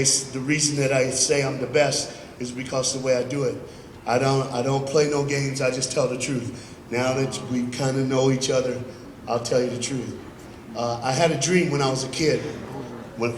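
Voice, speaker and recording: A man's voice: medium pitch, slight background noise. A middle-aged man giving an emphatic, storytelling motivational speech at a school assembly, recorded in a gym from the audience. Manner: emphatic, storytelling, builds to loud bursts. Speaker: motivational speaker. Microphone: phone in the audience. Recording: echoey gym recorded from far off.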